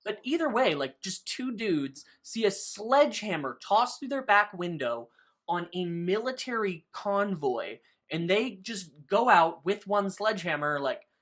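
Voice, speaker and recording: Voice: medium pitch, sing-song, a little slow, fairly bright tone. A podcast co-host recapping a book in casual chat, loose and profane, full of "like" fillers.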